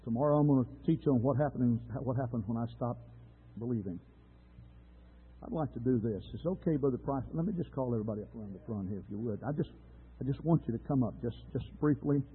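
A man's voice: medium pitch, fast, husky. A man preaching an earnest, emphatic sermon to his congregation. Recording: tinny phone-like sound with faint music.

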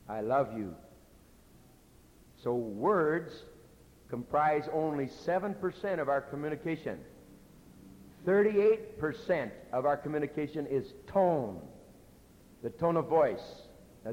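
A man's voice: expressive, measured pace. Man preaching a sermon in an echoey hall. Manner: earnest, conversational preaching, drops soft and low for personal confessions. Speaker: pastor. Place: church sanctuary. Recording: echoey hall with faint rumble.

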